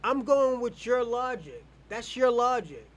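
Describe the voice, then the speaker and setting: A man's voice: extremely high pitch, animated, a little slow. An American man hosting an online show, arguing bluntly and profanely in a heated live debate. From United States.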